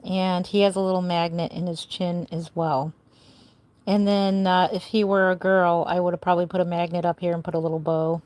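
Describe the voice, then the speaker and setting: A woman's voice: on the low side, little pitch movement, moderate pace, darkish tone. An older woman chatting on a live stream as a doll artist, greeting viewers by name with a bubbly, giggly manner. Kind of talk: casual live stream chat.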